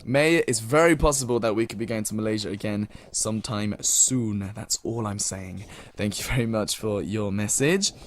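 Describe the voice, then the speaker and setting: A young British man working as a radio DJ reads out listener messages in a lowish voice at normal speed. He's polite and casual, packing his speech with fillers and plenty of thank-yous.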